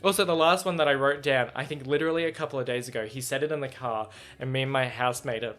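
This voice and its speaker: A man's voice: medium pitch, fairly even intonation, fast, fairly bright tone, faint music behind. A young man in his twenties with an Australian accent, hosting a casual solo podcast and rambling chattily, laughing between thoughts. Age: 20s. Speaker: podcast host.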